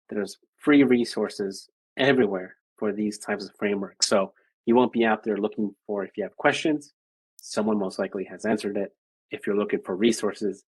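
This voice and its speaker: Man, low husky voice, energetic rambling presenter, video call, dry sound. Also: no room sound, rough recording. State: out of breath. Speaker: guest speaker, head of design. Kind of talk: virtual presentation and Q&A.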